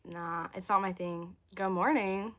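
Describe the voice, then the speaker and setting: A young woman from the States, chatting casually with viewers on a livestream, her voice hoarse from losing it. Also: medium pitch, fairly even intonation, unhurried, a bit bright. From southern United States. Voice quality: chatty, addresses viewers as y'all. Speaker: livestream host.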